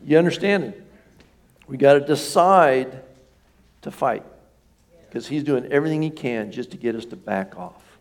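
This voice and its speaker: A man preaching a sermon to his congregation in a relaxed, conversational way, often checking in with questions. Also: medium pitch, a little slow, creaky, pauses often. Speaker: pastor. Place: church sanctuary.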